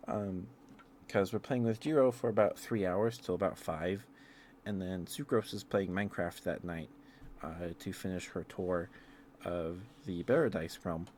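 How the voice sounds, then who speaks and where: Excitable deep-voiced man chatting on stream. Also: slight background noise. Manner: excitable, rambling, with fillers and quick laughs; chatty and friendly to viewers. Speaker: ASMR streamer. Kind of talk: casual live-stream chat.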